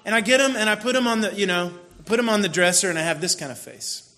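A man with a high voice gives a sermon in an easygoing, chatty way. He tells a family story and now and then bursts into playful frustration. His voice stays high even when he drops low. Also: fast talker. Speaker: pastor.

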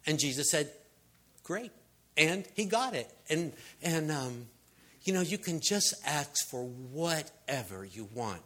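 A man's voice: a little high, sing-song, takes it slowly. A man giving a sermon in a casual storytelling way, acting out the people in his stories. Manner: storytelling, acts out voices, shouts for emphasis. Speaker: preacher.

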